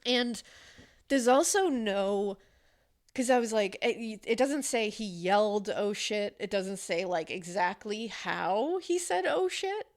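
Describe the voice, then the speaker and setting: A woman co-hosting a casual true-crime podcast, telling the case in an animated way, acting out quotes and swearing casually. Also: mid-range voice, slow pace.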